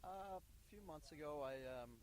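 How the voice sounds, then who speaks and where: A man's voice: a little high, a little fast. A young man, a student pilot, giving brief, hesitant answers outdoors at a small airfield. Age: young adult.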